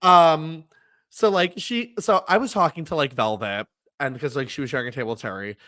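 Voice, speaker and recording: A young man chats on a podcast with a somewhat high voice. He tells stories with animation, laughs often and jumps into a high voice to act out what others said. The sound is dry, with no room echo. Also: brisk, pushed and bright. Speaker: podcast co-host. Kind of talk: casual chat.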